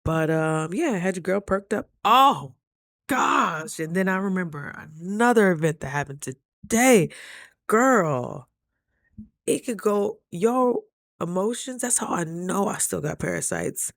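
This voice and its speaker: A woman vlogger telling stories to camera in a casual, animated, slangy way, acting out the voices of the people in them. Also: fairly low pitch, measured pace, vocal fry, no room sound, clean studio sound.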